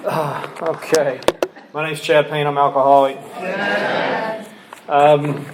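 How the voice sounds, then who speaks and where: Man from Oklahoma, speaker at a recovery meeting, slightly high voice, candid and joking. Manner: candid, self-deprecating, storytelling with humor. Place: meeting room with podium. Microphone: podium mic.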